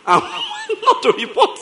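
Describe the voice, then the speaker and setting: A male pastor with a Nigerian accent delivers a lively sermon in a notably high voice. he tells stories with a lot of energy, hammers points home by repeating himself, and breaks into laughter often. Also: takes it slowly. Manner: animated storytelling, repeating lines for emphasis, laughs often.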